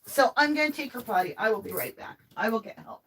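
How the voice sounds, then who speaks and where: A woman's voice: on the high side, lively intonation, quick pace, fairly bright tone, husky. A woman hosting a live tarot reading from her home office, chatting informally with viewers and speaking prayers aloud. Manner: chatty and informal, often addressing viewers directly.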